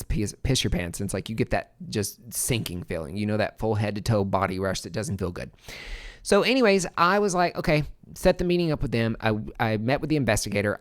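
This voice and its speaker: A man with a fairly low voice tells his own story on a podcast. He talks casually and candidly, swears freely, and fills the gaps with "like" and "uh" as he goes. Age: adult, former nurse. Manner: candid, profane, animated storytelling with many fillers.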